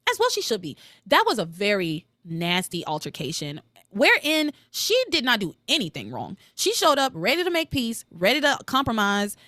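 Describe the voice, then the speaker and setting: A woman hosting a solo podcast, recapping soap opera episodes in an animated, opinionated way, swearing freely. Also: no room sound, clean studio sound. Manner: animated and opinionated, swears freely, quotes characters with jumps in pitch.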